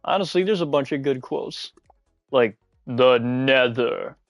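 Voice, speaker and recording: A man livestreaming a game in casual, excitable chat, giggling often and shouting catchphrases. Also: on the high side, normal speed, no room sound, faint music behind. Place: at home, mom nearby.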